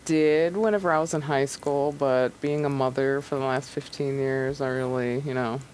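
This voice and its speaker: A woman in her thirties from Pennsylvania, an actress being interviewed in casual chat, relaxed and quick to laugh. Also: very deep voice, slight background noise, poor audio. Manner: relaxed, laughs easily, trails off. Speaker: actress guest.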